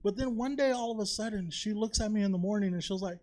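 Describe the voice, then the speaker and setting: A man's voice: high-pitched, fast talker, darkish tone. A man doing a chatty, confessional stand-up set on a comedy theater stage, tossing in "you know?" and "right?" all the time.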